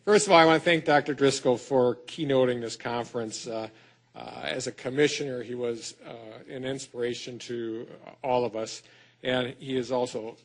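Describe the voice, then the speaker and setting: Speaking in a gravelly, mid-range voice with fairly even intonation at a moderate pace, this middle-aged state schools superintendent from Wisconsin has a Wisconsin accent. His conference speech in a lecture hall is folksy and self-deprecating, with many fillers and restarts.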